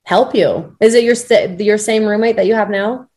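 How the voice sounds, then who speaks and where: A woman interviewing a guest, asking gentle questions and giving brief affirming responses. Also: mid-range voice, moderate pace. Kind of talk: supportive interview.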